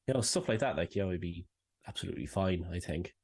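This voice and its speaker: Low husky guy chatting on a podcast, blunt, swears. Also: animated, fast talker, a little mellow, dry recording, clean studio sound. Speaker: podcast co-host. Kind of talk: casual podcast chat.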